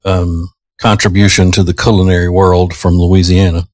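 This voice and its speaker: A radio host man chats loosely, wandering through his thoughts. His voice sits on the low side. It comes across dry and close on a studio mic. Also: level tone, moderate pace, dry recording. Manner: rambling, chatty with fillers. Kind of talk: casual radio banter.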